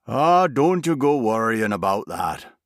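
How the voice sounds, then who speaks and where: A man putting on a loud old country laborer with an English country accent. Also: mid-range voice, big pitch swings, measured pace, dry recording, studio quality, pitched above the performer's own voice. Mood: gruff. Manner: blunt, loud and cursing.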